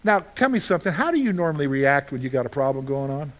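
A middle-aged man preaching a sermon as pastor, lively and conversational, asking his listeners questions and answering them himself. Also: fairly high pitch, quick pace. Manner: animated, asks the congregation questions and answers them; acts out his own panicked reactions for humor.

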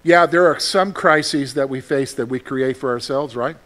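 A male pastor preaching a sermon, animated, with frequent rhetorical questions to his listeners. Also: mid-range voice, moderate pace.

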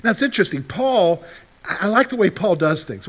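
A man's voice: sits high, sing-song, fairly quick. A male pastor preaching a conversational sermon, firing questions at the congregation and acting out their replies. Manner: conversational, asks the congregation questions and answers them; plays out imagined listeners' replies.

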